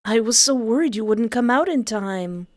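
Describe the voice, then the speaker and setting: A woman's voice: a little high, lively intonation, normal speed, noisy background, lightly acted. Woman reading as a clingy, obsessive young man. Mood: doting. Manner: pleading, clingy. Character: obsessive, doting young man, a college student. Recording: background music under voice.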